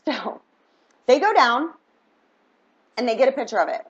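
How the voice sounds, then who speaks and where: A woman's voice: a little high, moderate pace. Chatty middle-aged woman telling a story. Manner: chatty, animated, full of "like" and "right?". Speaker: vlogger. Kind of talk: casual storytelling. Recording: dull lo-fi recording.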